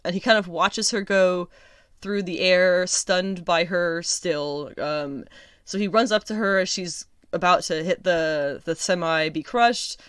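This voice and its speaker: A woman hosting a casual solo review podcast, chatty and sarcastic, laughing often and filling pauses with ums. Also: lowish voice, a bit bright, smooth, no echo, studio quality. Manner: chatty, lots of ums and restarts. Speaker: podcast host.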